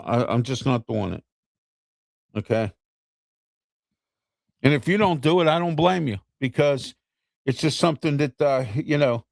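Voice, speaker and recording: A man's voice: mid-range voice, gravelly, no room sound, clean studio sound. A middle-aged man hosting an opinion show, ranting bluntly and with exasperation straight to his viewers.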